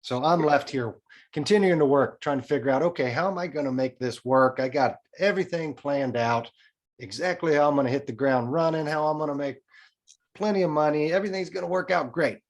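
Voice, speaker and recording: A man's voice: fairly high pitch, a little fast. A man in his forties, a podcast guest telling a personal story in casual chat, frank and often swearing. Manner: frank, swears freely, tells a story in a lively way.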